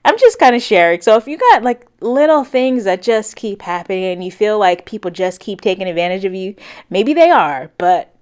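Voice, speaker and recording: A woman in her thirties talks through a casual vlog storytime with a smooth, clear voice at a middle pitch. She tells it animatedly, slipping into the voices of the people she quotes. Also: sing-song, normal speed, darkish tone. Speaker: cleaning vlogger. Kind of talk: chatty storytime while cleaning.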